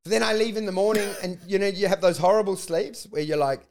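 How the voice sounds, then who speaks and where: A man's voice: high-pitched, quick pace. A man telling a rambling story in casual chat, swearing a lot and acting out what people said. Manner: profane, animated storytelling with acted-out quotes. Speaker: comedian.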